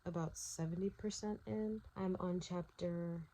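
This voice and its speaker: Low-voiced young woman gushing about a book. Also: steady tone, a little slow, warm tone, a little hiss or hum, rough recording. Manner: emotional, gushing, swears freely. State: worn out and teary. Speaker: book vlogger. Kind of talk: casual vlog chat. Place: at home at night.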